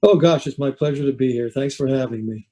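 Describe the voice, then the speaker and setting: A Canadian man, a singer who grew up with French at home, chatting as a guest on a talk show in a relaxed, rambling way with many restarts. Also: mid-range voice, brisk, rough recording. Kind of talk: casual interview chat.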